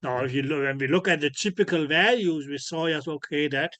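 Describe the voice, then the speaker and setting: Higher-pitched male teacher, dry close sound. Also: fairly quick, a bit bright, no room sound. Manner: checks understanding constantly with "clear?" and "okay"; peppers speech with filler "okay, yes". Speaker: ultrasound physics teacher. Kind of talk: online lecture. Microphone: computer mic on a video call.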